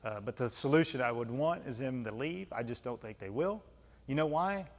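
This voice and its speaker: A man's voice: medium pitch, expressive, moderate pace. A man in his fifties from the United States, a retired senior Army leader giving a lecture and answering audience questions in a blunt, conversational, emphatic way with folksy asides. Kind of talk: candid lecture Q&A storytelling. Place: club lecture hall. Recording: long hall reverb.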